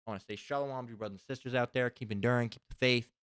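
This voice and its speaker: A man teaches a spoken scripture lesson in loose, rambling talk with plenty of profanity. His voice is smooth and resonant, and it sounds close and dry with no room around it. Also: mid-range voice, fairly even intonation, rapid-fire, fairly bright tone, no room sound. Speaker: religious teacher.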